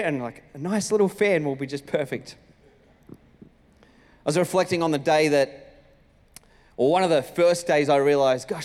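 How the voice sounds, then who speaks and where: A man, a senior pastor telling a personal story in a sermon with lively, animated delivery. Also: fairly high pitch, fairly quick, long pauses. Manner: animated storytelling, acting out his own lines. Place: church auditorium. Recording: reverberant church hall.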